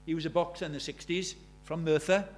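A man's voice: a little high, fairly even intonation, brisk, a little hiss or hum. A man in his seventies preaching a sermon, pressing his congregation with earnest rhetorical questions. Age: 70s. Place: church.

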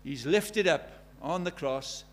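Male preacher with a high voice, emphatic and questioning. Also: slow. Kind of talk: sermon.

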